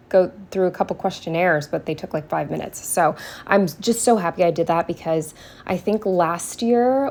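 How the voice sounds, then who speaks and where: A woman vlogging while she plans, telling a story in a chatty way, swearing freely and going off on quick asides. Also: fairly low pitch, vocal fry, a little mellow. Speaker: planner vlogger. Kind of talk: casual plan-with-me storytelling.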